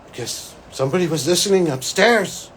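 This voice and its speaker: A man, a psychic, talking to camera as he recounts a vision, animated and breaking into excited exclamations. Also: on the high side, a little fast, a little hiss or hum, low-quality recording. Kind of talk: solo talk recounting a vision.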